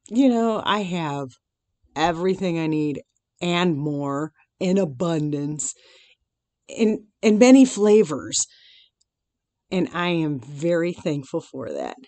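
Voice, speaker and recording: A woman's voice: low voice, darkish tone, no room sound. A woman vlogging casually about her day and her faith. She chats in a self-deprecating way, laughing often, and turns reflective and grateful. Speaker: Christian vlogger. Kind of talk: casual daily devotional vlog.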